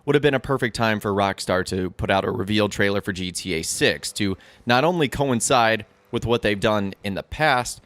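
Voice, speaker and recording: A man's voice: lowish voice, fairly bright tone, no room sound. Upbeat man with a dry close voice. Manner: upbeat, direct address to viewers. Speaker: gaming news YouTuber. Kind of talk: scripted video commentary.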